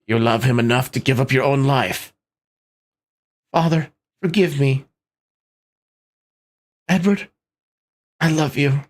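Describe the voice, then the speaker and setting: A man's voice: medium pitch, fairly even intonation, slow, pauses often, lightly acted. A man voicing a timid young prince in a game read-through, plaintive in tone. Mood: sad.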